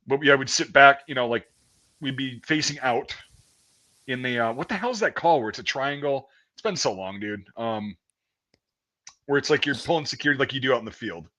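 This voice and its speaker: A man's mid-range voice, lively in intonation and sharp in tone, comes a little fast. As a podcast host he chats casually about army basic training, telling stories thick with swearing. He acts out a drill sergeant along the way.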